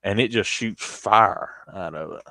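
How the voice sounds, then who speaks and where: A man's voice: fairly low pitch, a little slow, sharp tone, dry recording, studio quality. A man with a Southern US accent telling a long casual story on a stream, rambling with restarts.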